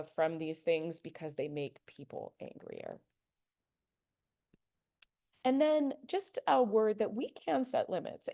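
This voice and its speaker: A woman giving a recorded training lecture in a conversational, earnest way, with frequent fillers. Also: lowish voice. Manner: acts out soft apologetic example phrases. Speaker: de-escalation trainer.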